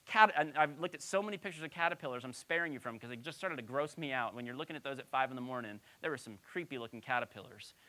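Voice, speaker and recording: A woman's voice: very deep voice, fast, few pauses, fairly bright tone. A woman pastor giving a conversational Bible-teaching sermon, asking her listeners rhetorical questions.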